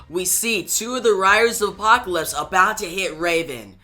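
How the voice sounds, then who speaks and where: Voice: medium pitch, lively intonation, normal speed, few pauses, sharp tone. A channel host recapping a comic book story in a casual, eager storytelling manner, reading the characters' quotes aloud as the recap goes.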